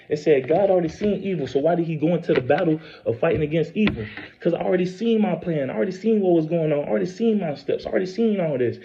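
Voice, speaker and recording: A man's voice: on the high side, gravelly, mellow. A man giving a rambling, preachy religious monologue, repeating himself, swearing and stumbling through scripture readings. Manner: reads scripture aloud haltingly. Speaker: self-posting religious speaker. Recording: dull lo-fi recording.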